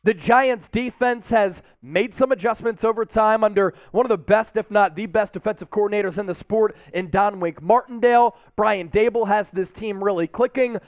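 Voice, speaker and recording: A young man hosting a live sports watch party stream from a studio, energetic and hyping up viewers with shout-outs. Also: sits high, normal speed, hardly any pauses, no echo. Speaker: sports show host.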